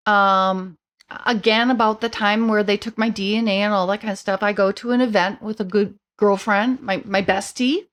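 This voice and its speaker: A middle-aged woman, a podcast guest, telling her story in casual chat with animated asides and quick mimicked voices. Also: medium pitch.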